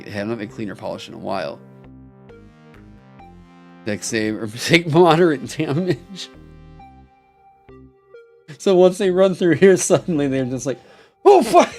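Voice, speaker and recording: A young man critiquing on a live stream at a middle pitch, reading aloud haltingly with many ums and casual swearing. His talk jumps into excited asides, and faint music plays behind him. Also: creaky. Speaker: streamer critiquing game designs.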